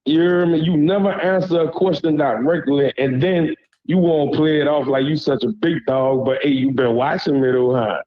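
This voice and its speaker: A man's voice: a little high, moderate pace, muffled recording. A man from Louisiana with a Southern accent, calling in to a panel and ranting bluntly in slang, often asking "you hear me". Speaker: caller on a panel. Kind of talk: heated call-in rant.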